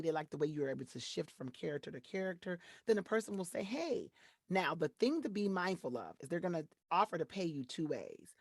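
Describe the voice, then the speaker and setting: A woman's voice: low voice, no echo. A woman from Detroit, a voiceover artist, talking as an interview guest and acting out voices as she explains her work. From Detroit, USA. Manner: expressive, acts out voices while explaining. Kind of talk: casual interview chat.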